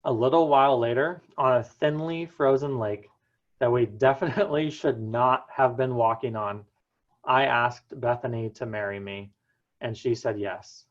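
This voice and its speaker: A young man giving a prepared personal talk, telling his story earnestly with dramatic pauses. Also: mid-range voice, dull audio. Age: young adult. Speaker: student speaker.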